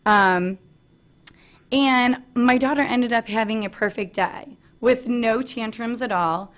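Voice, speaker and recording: A woman in her thirties giving an earnest personal presentation at a family meeting, pausing often on "um". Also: fairly high pitch. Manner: earnest, frequent "um" fillers, light laughs.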